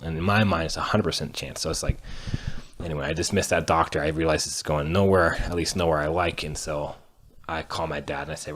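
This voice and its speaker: Young man, very deep voice, candid personal storytelling with halting restarts and casual cursing. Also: fairly even intonation, fairly bright tone. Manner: halting, with many fillers and restarts; earnest, candid, occasionally cursing. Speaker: patient telling his own illness story.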